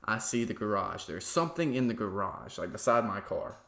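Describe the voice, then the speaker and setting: A man's voice: on the low side, expressive, brisk, a bit bright, a little hiss or hum. A young man hosting a podcast, telling a story in casual chat with lots of "like" and "dude" and some swearing. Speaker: podcast host.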